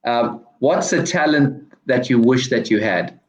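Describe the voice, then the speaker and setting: A man fires off quick casual questions to a guest, often opening with a hesitant filler. His voice sits at a middle pitch and carries a roomy echo. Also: highs cut off. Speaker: interviewer. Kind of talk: quick-fire interview questions. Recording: echoey room.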